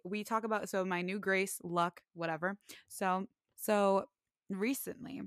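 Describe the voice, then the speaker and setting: A young woman in her twenties telling a casual story on a podcast. She fills her talk with "like" and grows animated when she quotes others. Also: mid-range voice, unhurried, dry recording, clean studio sound. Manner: chatty, full of "like", animated when quoting others.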